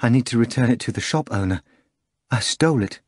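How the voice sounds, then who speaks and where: A man's voice: mid-range voice, expressive, brisk, husky, no echo, clean studio sound, voice pushed up. A man voicing a ragged, distrustful disciple of about forty who answers grimly and curtly.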